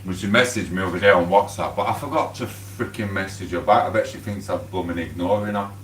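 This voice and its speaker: Deep-voiced English man chatting while cooking. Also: fast. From England. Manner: rambling, swears casually. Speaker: livestreamer. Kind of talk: casual live-stream chat while cooking. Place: home kitchen. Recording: echoey room, mic at a distance, faint hum.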